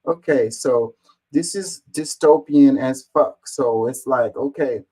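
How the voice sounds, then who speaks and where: A man's voice: medium pitch, a little slow, warm tone, low-quality recording. A man reading online comments aloud and answering them in an exasperated, casual rant, swearing and firing off rhetorical questions.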